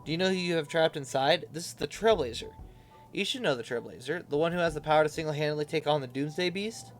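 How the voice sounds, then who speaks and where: A man's voice: on the high side, quick pace, soft background music, pitched above the performer's own voice, lightly acted. A man voicing an eager little puppy in a video game, earnest and pleading, turning to boastful threats on its friend's behalf.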